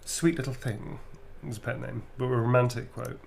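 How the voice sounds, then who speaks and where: A man's voice: medium pitch, moderate pace, vocal fry, a little hiss or hum. Laughing, swearing British man. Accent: British English. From Britain. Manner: laughs often, swears freely, animated storytelling. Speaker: actor signing autographs. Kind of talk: casual chat during a livestream signing.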